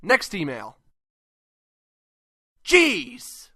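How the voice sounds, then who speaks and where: A man's voice: high-pitched, huge pitch swings, very slow, bright, forceful tone, no echo, clean studio sound, heavily acted. A man voicing a crude, short-tempered cartoon host who mocks everyone in an abrasive tone. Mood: scornful. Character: foul-mouthed, contemptuous cartoon man host. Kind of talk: comedic web cartoon voice acting.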